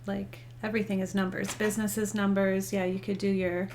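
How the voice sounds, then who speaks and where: A woman in her forties, a yoga teacher, chatting casually over lunch in a relaxed, thoughtful way. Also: medium pitch, brisk, a little hiss or hum. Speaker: guest, yoga instructor. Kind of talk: casual chat while eating. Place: indoors, eating lunch.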